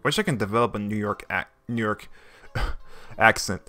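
A man's voice: on the low side, moderate pace, bright, forceful tone. A young man giving casual, joking let's play commentary as he reads the game text aloud and laughs often. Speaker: gaming YouTuber. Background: faint game music.

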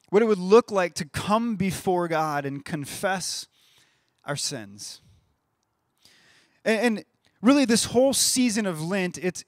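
A pastor in his thirties delivers a sermon in a conversational, animated way. His voice sits fairly high for a man. The sound is dry and close, with no room echo. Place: church stage.

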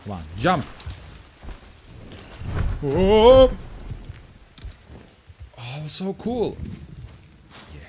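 A man hosting a let's-play, reacting excitably, swearing casually and chattering to the creature in the game. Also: sits high, very slow, long pauses, a little hiss or hum. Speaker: gaming channel host.

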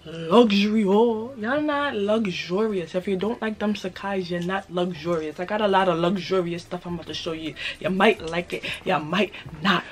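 A young woman with a New York accent and a slightly raspy voice, hosting a casual haul video and hyping her purchases to viewers in a playful way. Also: medium pitch, moderate pace, hardly any pauses. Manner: playful, hyped, repeats phrases, talks straight to viewers. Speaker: fashion vlogger.

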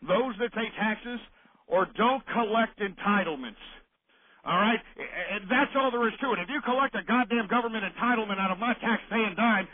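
A man's voice: high voice, normal speed. A man hosting late-night call-in radio, ranting bluntly and angrily with profanity, repeating himself and restarting his words while drinking beer. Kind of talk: late-night political talk radio rant. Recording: tinny, narrow-band broadcast recording.

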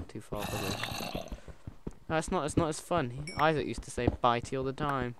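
An excitable man gives chatty gameplay commentary in a voice of middling pitch. He keeps calling out to his pet wolf. Loud noise hisses under the recording. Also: fast. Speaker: gaming channel host.

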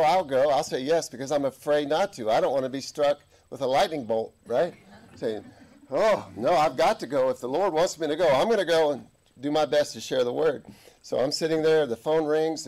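A man's voice: on the high side, darkish tone. A man preaching a folksy sermon as a guest chaplain, jovial and joking with the congregation. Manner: jovial, chuckling, folksy asides.

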